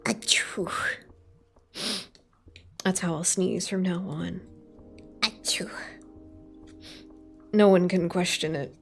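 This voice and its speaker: A woman's voice: fairly low pitch, steady tone, moderate pace, hardly any pauses, darkish tone, faint music behind. A woman streamer in casual, rambling chat while crafting on stream, swearing now and then and poking fun at herself. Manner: rambling, sweary, self-mocking.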